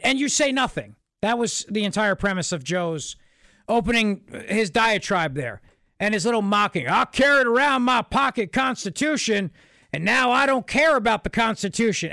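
A man's voice: high-pitched, fairly bright tone, no room sound. A man hosting a political talk radio show, speaking in an emphatic, repetitive, sarcastic monologue from a radio studio. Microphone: studio microphone.

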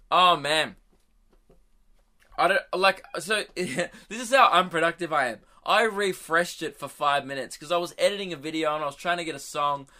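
A man's voice: a little high, pushed and bright. A young man hosting a podcast, telling a rambling, self-amused story and laughing at his own jokes. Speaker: podcast host. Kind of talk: casual storytelling monologue.

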